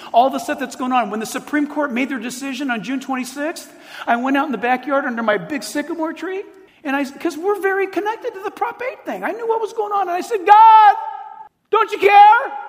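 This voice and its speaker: A middle-aged man preaching a sermon to a live audience, telling stories with animated, emphatic repetition. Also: extremely high pitch. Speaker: pastor. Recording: long hall reverb.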